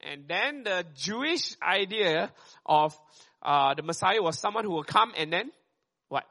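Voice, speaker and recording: A man preaching a sermon, talking fast and conversationally and often checking in with "right?". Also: high-pitched, expressive, pushed and bright.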